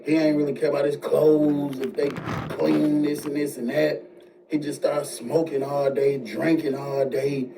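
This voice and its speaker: A man telling a story in a casual way, jumping high in pitch when he quotes other people. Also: measured pace, vocal fry. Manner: animated retelling, jumps high when quoting others. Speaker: storyteller in played video. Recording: distant mic with faint noise.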